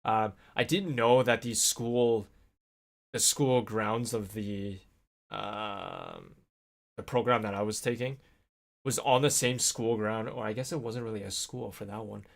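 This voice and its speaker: A young adult man vlogging alone, telling a long casual story with many fillers and animated swearing-to-God asides. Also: on the low side, measured pace, gravelly.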